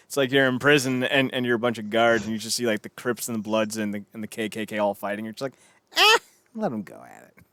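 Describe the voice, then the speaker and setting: A man co-hosting a podcast in casual chat, animated and riffing with silly voices between laughs. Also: on the low side, fast talker, hardly any pauses, smooth, dry recording. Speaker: podcast co-host.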